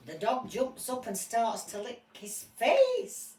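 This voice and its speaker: Lady narrating a toy game, playful and slow, roomy sound. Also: a little high, far from the mic, slight background noise. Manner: animated, playful. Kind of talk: storytelling play with toys. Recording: roomy and from off the mic, faint ambience.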